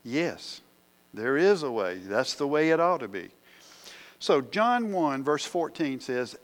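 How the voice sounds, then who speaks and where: A man's voice: mid-range voice, very animated, takes it slowly. A man preaching a sermon, asking the congregation questions as he works through the verses.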